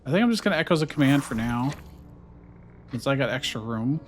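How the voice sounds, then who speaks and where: A man's voice: mid-range voice, expressive, brisk, a little hiss or hum. A man giving casual let's-play commentary, thinking aloud and musing over his choices with fillers. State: hiccuping. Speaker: gameplay streamer.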